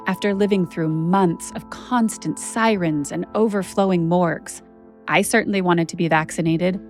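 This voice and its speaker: A woman journalist narrates her own podcast in a candid, chatty way. Her voice sits a little low. Faint music plays quietly beneath her. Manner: candid, conversational storytelling with casual fillers.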